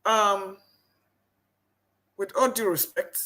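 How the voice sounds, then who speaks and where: A woman's voice: medium pitch, fairly even intonation, slow, pushed and bright. A woman from the American South with a Southern accent, speaking emphatically as a panelist in a live debate. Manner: emphatic, rising into laughing outbursts.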